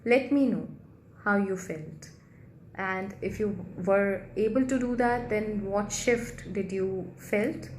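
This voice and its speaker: A woman leads a guided healing meditation in a soft, gentle voice, moving slowly and repeating her phrases. Her voice carries a noticeable room echo, with a faint hiss underneath. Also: mid-range voice. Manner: soft, gentle, slow and repetitive.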